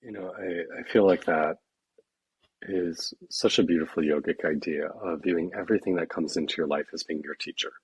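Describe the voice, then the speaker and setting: A man's voice: sits low, fairly quick, husky, dry recording, rough recording. A man talking earnestly and candidly in a reflective spiritual conversation, now and then swearing frankly.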